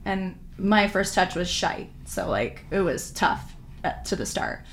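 A woman, a former pro soccer player, telling lively anecdotes in a casual chat and acting out what people said. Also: on the low side, measured pace, a little hiss or hum. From Vancouver area, Washington, US. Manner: lively anecdotes, acts out quotes, laughs often.

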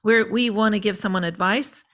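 A woman's voice: medium pitch, steady tone, moderate pace, fairly bright tone. A woman, a guest on a relationship podcast, explaining earnestly and giving everyday examples. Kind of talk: casual podcast conversation.

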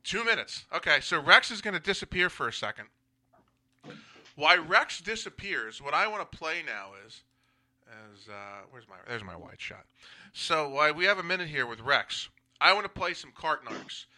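A man's voice: a little high, big pitch swings, moderate pace, pushed and bright. A male podcast host in casual chat, blunt and ranting, swearing freely. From Philadelphia area. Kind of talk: casual talk show chat.

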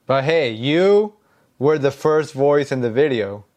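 A man co-hosting a casual interview, speaking in a relaxed, playful and teasing way. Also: mid-range voice, slow. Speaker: co-host.

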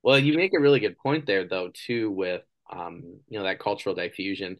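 Low-voiced guy hosting a podcast, chatty and animated, does little voices for people in his stories. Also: a little fast, dull audio. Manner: animated storyteller, acts out quoted people. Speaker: podcast host. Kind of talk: casual interview chat.

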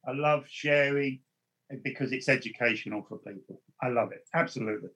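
A man, a medium, telling stories and giving advice in an interview in an earnest manner, slowing down to stress his points. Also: mid-range voice, a bit bright, lo-fi sound. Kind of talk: anecdotal storytelling in an interview.

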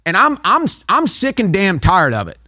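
A man's voice: high-pitched, wildly swooping pitch, normal speed, pushed and bright, no echo. A man hosting a talk radio show, delivering a sarcastic, heated opinion monologue in a studio.

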